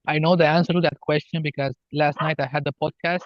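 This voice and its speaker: Earnest man, slow spiritual talk. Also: a little high, fairly even intonation, no echo, dull audio. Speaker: guest healer. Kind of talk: podcast interview.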